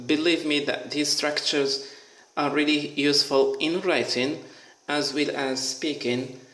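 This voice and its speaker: A man teaching an English grammar lesson, explaining step by step and repeating example sentences slowly and deliberately. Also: on the high side, fairly bright tone, slight background noise. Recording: echoey room.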